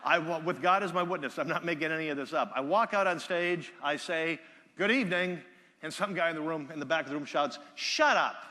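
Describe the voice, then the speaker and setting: A man speaking into a stage microphone at a keynote, his voice bright and forceful and a little high. He tells stories with energy and gets loud when he quotes people. A long reverb from the big conference hall trails his words. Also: fast talker, a little hiss or hum. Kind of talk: live keynote speech.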